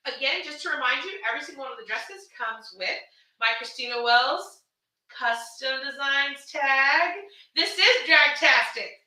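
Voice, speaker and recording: A woman from Houston, Texas, chatting casually on a livestream while selling her gowns, animated and calling viewers baby and honey. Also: high-pitched, a little slow, far from the mic. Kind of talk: casual livestream sales chat. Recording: echoey room, voice away from the mic.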